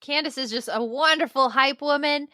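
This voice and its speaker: A woman's voice: high-pitched, moderate pace, sharp tone, no echo, clean studio sound. A woman co-hosting a running podcast, enthusiastic and gushing about her guest. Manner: enthusiastic, gushing, laughs often. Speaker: podcast co-host. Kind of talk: casual chat.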